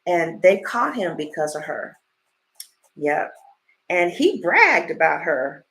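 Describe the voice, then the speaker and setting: A woman tarot reader in a casual livestream, telling stories in an animated, blunt way and swearing freely. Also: on the low side, takes it slowly.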